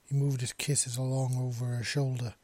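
A man's voice: mid-range voice, little pitch movement, moderate pace, warm tone. A man reading a romance story aloud, with small slips and restarts. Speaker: narrator. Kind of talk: amateur fiction reading.

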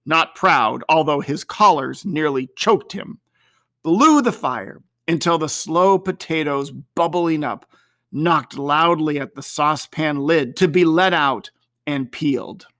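Slow, bright-voiced storybook narrator. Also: medium pitch, dry recording, clean studio sound. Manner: slow, measured, expressive storytelling. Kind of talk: audiobook narration of a classic novel.

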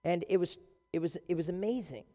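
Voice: mid-range voice, fairly quick. Emphatic preacher in a reverberant hall. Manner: animated storytelling, emphatic. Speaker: pastor. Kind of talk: sermon.

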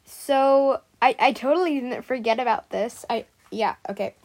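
A woman's voice: fairly high pitch, normal speed, a little mellow. A woman hosting her podcast, chatting casually and reading her fan fiction aloud, scattered with stumbles. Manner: chatty, scattered, many fillers and restarts.

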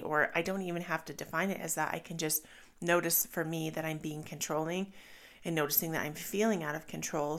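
A mother in her thirties tells her stories plainly and openly in a personal vlog, reflective and candid as if with a friend. Her slightly low voice has a gravelly edge of fry and a fairly bright tone.

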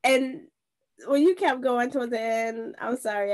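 A woman host with a bright, high voice speaks at an unhurried pace. Her reactions are effusive and heartfelt. She stumbles and restarts freely as she responds. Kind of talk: casual interview chat.

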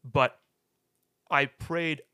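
A young man casually telling his personal faith story as a guest, halting and restarting, often tagging "right?". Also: a little high, steady tone, pushed and bright, clear, resonant tone, dry recording, studio quality. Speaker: guest sharing testimony.

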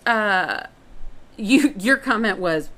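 Animated woman recapping a TV show. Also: medium pitch, slow pace. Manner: animated, swearing, acts out characters' lines. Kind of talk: casual chat recapping a TV episode.

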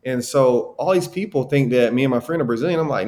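A man's voice: medium pitch, quick pace, hardly any pauses. A man from Alabama, telling casual stories as a podcast guest. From Alabama, USA. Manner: animated storyteller, acts out quoted people, says bro and like. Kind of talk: casual storytelling.

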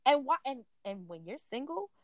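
Lively high-voiced woman telling a story. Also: moderate pace, no room sound. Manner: animated storyteller, acts out her own past thoughts. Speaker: guest. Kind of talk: casual chat.

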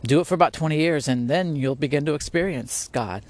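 With a brisk pace and a voice on the high side, a man hosts a podcast of casual spiritual talk from his home, where spiders are close by. His delivery is earnest and rambling, with restarts and frequent laughs.

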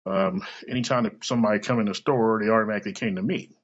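A man's voice: fairly low pitch, fairly even intonation, racing. A man hosting a solo podcast, rambling and swearing freely with self-mocking asides. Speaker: podcast host. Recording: dull lo-fi recording.

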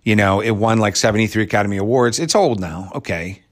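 A man's voice: lowish voice, fast talker. Sarcastic man ranting about movies. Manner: sarcastic, irreverent and crude, with mocking asides. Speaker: movie reviewer. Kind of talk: casual rambling movie review rant.

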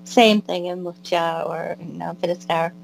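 A woman's voice: lowish voice, steady tone, measured pace, creaky, faint music behind, low-quality recording. An American woman chatting as an interview guest, rambling with lots of fillers and restarts. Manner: warm, wandering, many fillers and restarts. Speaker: guest, pilgrim and albergue volunteer. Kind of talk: casual interview chat.

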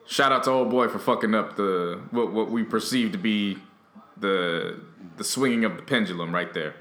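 A man co-hosting a podcast in casual chat, laying out his opinions with steady reasoning. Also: lowish voice, normal speed, reverberant. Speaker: podcast co-host.

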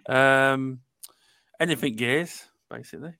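A man's voice: mid-range voice, a little slow, vocal fry, pushed and bright, no room sound. A man hosting a casual gaming podcast, giving plain-spoken, rambling opinions. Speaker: podcast host. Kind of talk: casual panel chat.

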